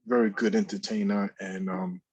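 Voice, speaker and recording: Husky-voiced man venting on talk radio. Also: fairly low pitch, little pitch movement, normal speed, darkish tone, no room sound, muffled recording. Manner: rambling, repeats phrases, many fillers. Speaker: radio show co-host. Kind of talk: casual talk radio commentary. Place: office.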